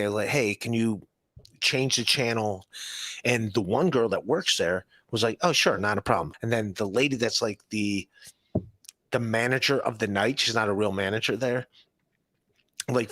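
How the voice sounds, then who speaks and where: A man spinning a meandering, foul-mouthed story, stumbling over his words and circling back as he goes. His voice sits at a middling pitch, and the talk is loose and unscripted. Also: bright, forceful tone. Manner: profane, rambling, lots of restarts and fillers. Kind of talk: rambling anecdotal storytelling.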